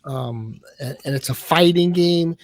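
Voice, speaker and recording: A man who is a guest on a casual panel chat, talking haltingly with many restarts. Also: fairly high pitch, no room sound.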